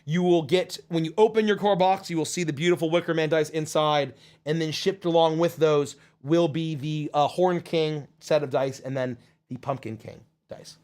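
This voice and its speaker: Voice actor guy rambling thru chat questions on stream, bit of a high voice, super casual. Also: normal speed, few pauses. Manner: chatty, rambling, lively. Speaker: voice actor and show host. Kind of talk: casual livestream Q&A, reading chat.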